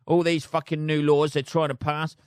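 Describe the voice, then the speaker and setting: A man's voice: a little high, level tone, moderate pace, a little mellow, clear, resonant tone, dry recording, studio quality. Sweary British man ranting solo. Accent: British English. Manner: sweary, sarcastic commentary on news stories. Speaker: podcast host. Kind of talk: solo podcast rant.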